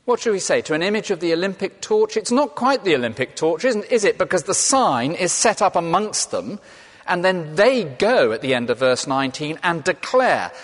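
A man's voice: high voice, sing-song, moderate pace. A man preaching a sermon in a conversational way, asking and answering his own questions. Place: church. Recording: long reverb of a large hall.

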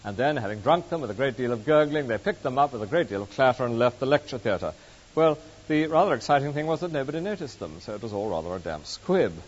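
A man preaching a sermon, telling stories in a measured, expressive way. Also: mid-range voice. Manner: measured, expressive storytelling delivery. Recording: muffled recording with long hall reverb.

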